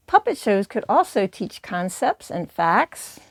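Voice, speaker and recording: A woman's voice: mid-range voice, sing-song, measured pace, gravelly, few pauses, no echo. A woman hosting a puppetry channel, explaining puppet techniques in an encouraging, teacherly way. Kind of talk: instructional video.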